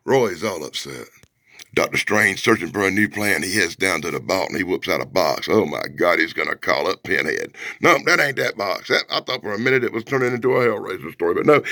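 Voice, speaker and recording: Sarcastic, gravelly man mocking a comic. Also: low-pitched, big pitch swings, moderate pace, fairly bright tone, dry recording, clean studio sound. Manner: sarcastic, mocking running commentary. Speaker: host. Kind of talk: comic book review vlog.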